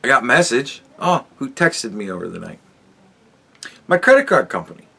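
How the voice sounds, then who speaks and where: A man's voice: medium pitch, sing-song, moderate pace, gravelly, pushed and bright, breathy edge. A man hosting a podcast, telling a rambling, profane story in a casual monologue. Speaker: podcast host.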